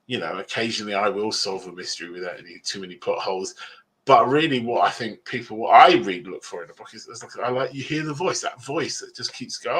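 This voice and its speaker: Man, author guest at a panel, husky and bright, rambling and self-mocking. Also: fairly low pitch, quick pace. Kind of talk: convention panel interview. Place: convention panel room.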